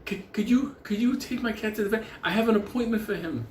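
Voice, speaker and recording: A man voicing a flustered woman neighbor who stammers in a high, breathless voice. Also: fast, darkish tone, reverberant, a little hiss or hum, close to an everyday voice.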